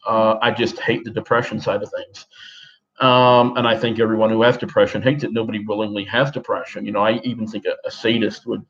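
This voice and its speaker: A man in his thirties from Australia, talking in a put-on American accent in a halting, rambling personal monologue full of restarts and fillers. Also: mid-range voice, dull audio. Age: 30s. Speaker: vlogger. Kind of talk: personal talk to camera.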